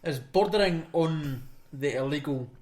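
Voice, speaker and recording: A man's voice: fairly high pitch, a little slow, a little mellow. A man co-hosting a podcast with dry, sweary remarks. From Scotland. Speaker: podcast co-host. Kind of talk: casual chat.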